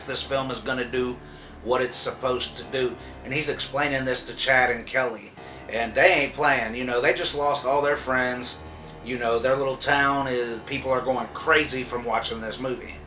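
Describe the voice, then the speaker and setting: A man's voice: medium pitch, bright, forceful tone. A man reviewing a TV episode in a casual spoiler recap, telling the story loosely with frequent swearing and fillers. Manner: loose, profane storytelling with lots of "like" and "uh". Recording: roomy echo, distant mic, faint music.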